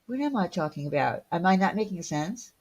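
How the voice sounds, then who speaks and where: A woman's voice: lowish voice, animated, a little fast, a little mellow, dull audio. A woman hosting a casual livestream, chatting with viewers and answering their comments in a blunt, chatty way full of fillers and the odd swear word. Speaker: livestream host.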